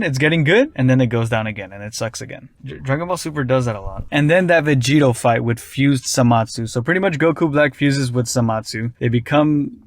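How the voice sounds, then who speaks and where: A man's voice: mid-range voice, no echo. A man giving a casual, rambling opinion rant as an anime commentator, often frustrated and dismissive.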